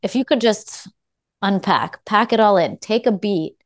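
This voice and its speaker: A woman podcast guest speaking reflectively, with drawn-out phrasing and many fillers. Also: medium pitch, no room sound. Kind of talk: casual conversation.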